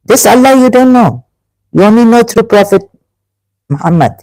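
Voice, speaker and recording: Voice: medium pitch, expressive, normal speed, darkish tone, no echo, rough recording. A speaker giving an emotional, rambling monologue commentary with many restarts. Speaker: religion critic.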